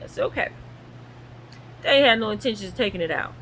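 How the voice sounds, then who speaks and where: A woman's voice: a little high, fairly quick, low-quality recording. Lady telling a story, voice jumps around a lot, sore and recovering, faint noise behind her. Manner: animated, acts out quoted voices. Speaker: vlogger. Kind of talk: casual storytelling. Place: guest room at home.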